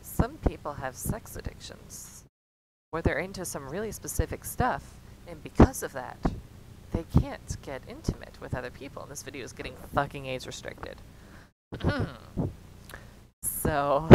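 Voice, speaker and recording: A young woman tells a rambling, swear-filled story in a casual vlog and acts out each quoted line. Her pitch swings widely from line to line. A steady low rumble runs clearly behind her voice. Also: a little slow. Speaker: streamer telling a story.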